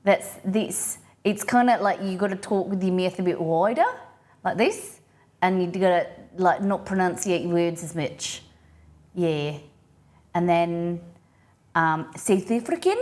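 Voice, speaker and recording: A woman's voice: on the low side, unhurried, darkish tone. A woman with an Australian accent hosting a live stream, chatting casually and rambling with lots of restarts as she answers viewers. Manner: acts out quoted phrases in playful voices. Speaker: livestream host. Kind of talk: casual chat reading viewer comments.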